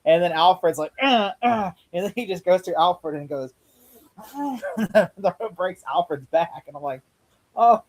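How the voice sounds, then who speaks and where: A man's voice: high-pitched, expressive, unhurried, darkish tone. A man hosting a podcast in casual chat, rambling through retellings, acting out lines and laughing often. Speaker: podcast host.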